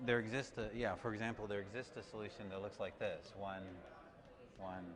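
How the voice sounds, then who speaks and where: A man giving a university lecture, halting, with many restarts and fillers. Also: lowish voice, steady tone, a crowd in the background. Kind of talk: classroom lecture. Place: large lecture hall. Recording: reverberant lecture hall, faint noise.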